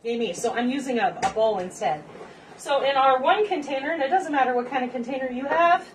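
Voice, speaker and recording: A woman's voice: high voice, a little fast. A woman hosting a casual home cooking demonstration in her kitchen, chatty and rambling with joking asides to viewers. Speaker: cooking show host. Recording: distant mic with faint background noise.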